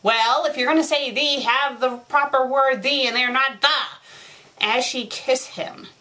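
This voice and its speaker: A woman's voice: high-pitched, unhurried, sharp tone. Sarcastic young woman reviewing. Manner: exasperated, sarcastic, rants at mistakes. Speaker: fanfic reviewer. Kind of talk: comedic review reading.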